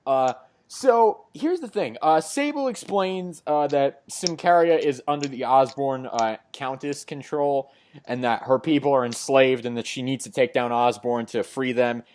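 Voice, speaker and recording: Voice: medium pitch, a little slow, a little mellow, slight background noise. A podcast host recapping a comic book in a rambling way, full of fillers. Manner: rambling, many fillers and restarts.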